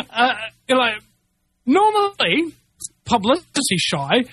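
A man's voice: very high-pitched, huge pitch swings, takes it slowly, a bit bright. A man in an agitated, rambling rant, often repeating himself and restarting. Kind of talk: ranting monologue.

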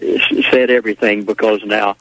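A man's voice: fairly low pitch, steady tone, normal speed, a bit bright, dry recording, rough recording. Man, radio guest, folksy rambling storyteller, dry close sound. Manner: folksy, rambling, acts out quoted voices. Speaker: radio talk show guest. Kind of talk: casual radio interview storytelling.

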